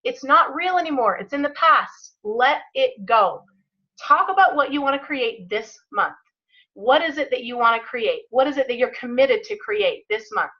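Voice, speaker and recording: A woman's voice: sits high, bright, forceful tone, muffled recording. A woman leading a motivational team call, encouraging and emphatic, guiding listeners through breathing. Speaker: team leader hosting a call.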